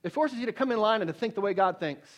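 This sermon comes quickly and expressively, the man's voice climbing to loud, insistent highs and dropping to quiet storytelling. Repeated words mark his many restarts.

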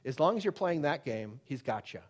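Dynamic preacher man, loud then hushed. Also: a little high, big pitch swings, a little fast. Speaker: pastor. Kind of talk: sermon.

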